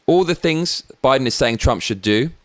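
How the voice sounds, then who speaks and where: A man's voice: medium pitch, lively intonation, normal speed, no echo. A British man hosting his own show, giving blunt, sweary political commentary with rambling asides. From Britain. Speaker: show host.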